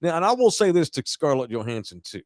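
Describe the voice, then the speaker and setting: Animated, profane man storyteller. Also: a little high, quick pace, no room sound, clean studio sound. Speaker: podcast co-host. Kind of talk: casual chat.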